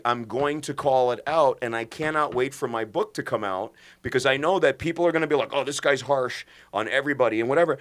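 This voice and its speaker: A man's voice: mid-range voice, a bit bright. A middle-aged man co-hosting a podcast as a doctor, talking earnestly and emphatically with many restarts. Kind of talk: impassioned podcast talk.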